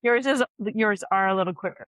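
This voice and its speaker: A woman's voice: mid-range voice, a little fast, a bit bright, clear, resonant tone, no room sound. A woman hosting a podcast, asking curious, playful questions and laughing along with her guest. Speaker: podcast host. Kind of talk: casual interview chat.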